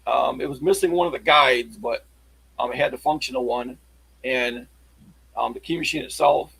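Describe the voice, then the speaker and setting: A man chatting casually on a livestream, showing his locksport tools in a halting, rambling way. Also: medium pitch, creaky, a bit bright, breathy edge, rough recording. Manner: halting, rambling show-and-tell.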